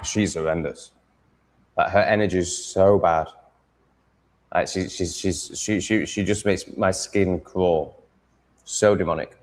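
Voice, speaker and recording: A man's voice: sits low, fairly even intonation, measured pace, pauses often. A man vlogging at home, swearing a lot as he rants in a casual, exasperated monologue. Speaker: vlogger setting up a live stream.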